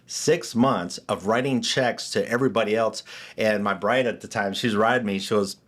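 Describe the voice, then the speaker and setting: A man's voice: lowish voice, normal speed, a bit bright. A middle-aged man telling his story as a podcast guest, acting out the voices of people he quotes. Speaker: guest, real estate agent. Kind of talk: storytelling interview.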